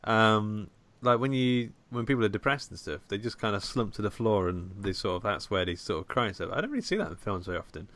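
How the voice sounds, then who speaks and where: A man's voice: fairly low pitch, animated, quick pace, hardly any pauses, a bit bright. A man co-hosting a casual film review chat, retelling scenes laid-back with jokey asides. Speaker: podcast co-host. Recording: dry close audio.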